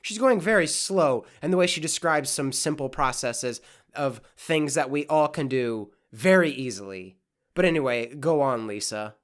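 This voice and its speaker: A podcast host giving sarcastic, profane reaction commentary in deadpan asides. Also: mid-range voice, moderate pace.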